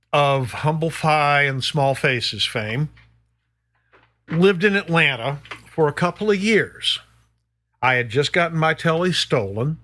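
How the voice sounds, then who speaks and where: A middle-aged man, a guest musician, telling a story in a casual, animated way, swearing and peppering it with "you know". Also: on the high side.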